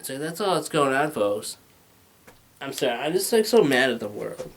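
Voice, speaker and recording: A man doing stand-up comedy, rambling and profane, slipping into mock-angry rants and quick put-on voices. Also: medium pitch, sing-song.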